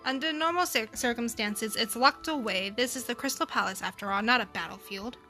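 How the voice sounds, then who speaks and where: A woman voicing a proud middle-aged male palace warden, a former navy cook, reading game dialogue aloud in a boastful, drawn-out way with a loose, vague accent. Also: on the high side, bright, forceful tone, faint music behind.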